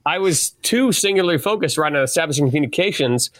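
A man's voice: a little high, lively intonation, fast talker, a bit bright, no echo. A middle-aged man, a retired negotiator, telling stories as an interview guest and often chuckling as he speaks. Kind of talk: conversational storytelling.

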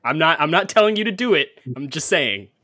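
A man's voice: on the high side, lively intonation, fairly quick, bright, forceful tone. A man hosting a casual podcast chat with friends, laughing often and swearing freely. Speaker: podcast host.

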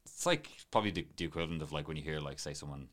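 A man's voice: a bass voice, very fast, fairly bright tone. A man, a martial arts teacher chatting on a podcast in a rambling, self-deprecating way. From Ireland. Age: late 20s. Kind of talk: casual podcast chat.

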